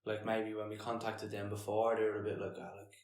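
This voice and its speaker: A man's voice: on the low side, monotone, a little fast. Irish man chatting in an echoey room. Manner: teasing, joking with the others. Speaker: podcast co-host, calisthenics coach. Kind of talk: casual chat. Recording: echoey room, mic at a distance.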